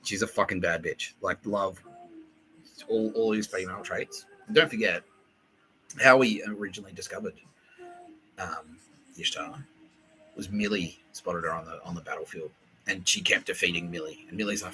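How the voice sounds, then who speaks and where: A slightly low-pitched man rambles through a solo podcast in a sharp, very bright voice. He talks excitably, swears often and laughs between lines. A faint hum sits behind him. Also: moderate pace, long pauses, poor audio. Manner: excitable, profane, laughing, acts out quoted voices. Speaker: podcast host.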